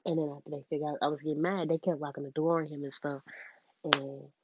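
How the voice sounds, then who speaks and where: A young woman tells a casual storytime vlog, animated and quoting people in changing voices. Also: sits low, fast, slightly rough, dry recording, dull audio.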